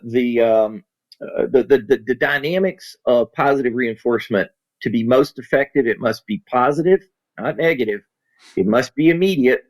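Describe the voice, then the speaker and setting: A man, a safety consultant telling folksy, animated stories in an interview. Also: mid-range voice, rough recording. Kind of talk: storytelling in a podcast interview.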